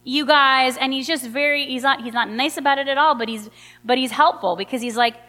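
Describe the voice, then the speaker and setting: Middle-aged woman, chatty storyteller, high voice, long hall reverb. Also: quick pace. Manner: animated, chatty, many fillers. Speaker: mother telling a personal story. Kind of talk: personal storytelling.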